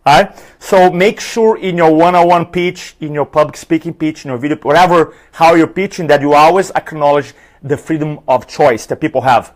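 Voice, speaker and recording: A man with a thick Spanish-influenced accent giving a lively live seminar on persuasion, asking the audience questions and counting off numbered tips. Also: on the high side. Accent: foreign accent, Spanish-influenced. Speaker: public speaking trainer. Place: event room with an audience.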